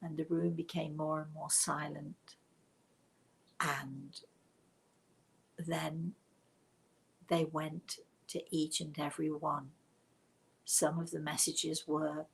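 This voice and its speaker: An older British woman recounts a story slowly, her voice gravelly and husky. She keeps it hushed and dramatic, often sinking into a whisper, like a medium sharing what she has seen. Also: low voice, level tone, rough recording. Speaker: spiritual medium. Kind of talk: live storytelling show.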